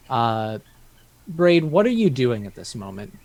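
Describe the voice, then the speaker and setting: A man narrating as game master of a tabletop game, relaxed and loose, with many fillers. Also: mid-range voice, a little slow, dry recording. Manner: relaxed, filler-heavy, laughs easily.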